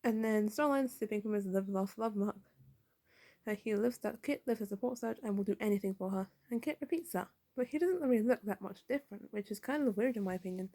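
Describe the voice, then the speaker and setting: A woman's voice: medium pitch, brisk, dark tone. A woman giving a casual comic book review, recapping the panels and reading the dialogue aloud.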